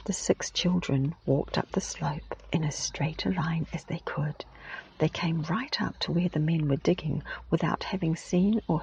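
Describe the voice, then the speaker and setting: A woman with a British accent reading a story in a gentle, whispery ASMR style, recorded muffled and lo-fi in a parked car. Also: sits low, breathy edge. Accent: British English. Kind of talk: soft-spoken ASMR reading. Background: baby snoring.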